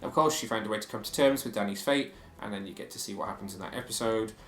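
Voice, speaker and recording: A man's voice: lowish voice, fast, roomy sound, slight background noise. A man co-hosting a podcast in casual chat, sharing strong opinions and reading quotes aloud. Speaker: podcast co-host.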